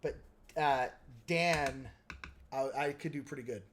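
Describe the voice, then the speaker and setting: A man with a mid-range, somewhat bright voice chats unhurriedly while painting miniatures for his livestream. He jokes and rambles, leaning on filler words and making fun of himself.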